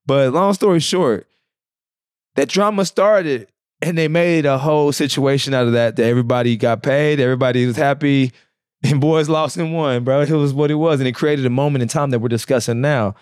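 A man's voice: mid-range voice, a little fast, darkish tone, clean tone, dry recording, studio quality. A man co-hosting a podcast, teasing and slangy, laughing a lot as he chats. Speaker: podcast co-host. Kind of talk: casual chat.

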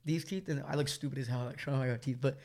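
A man's voice: medium pitch, fairly even intonation, fast talker, a little mellow. A young man telling a story to friends in casual chat, swearing often and using lots of fillers, laughing as he goes.

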